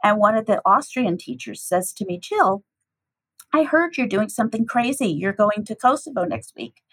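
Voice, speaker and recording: Breathy woman telling a lively story. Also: normal speed, poor audio. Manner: lively, acts out dialogue with shifting pitch. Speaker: teacher telling a personal story. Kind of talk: animated personal storytelling.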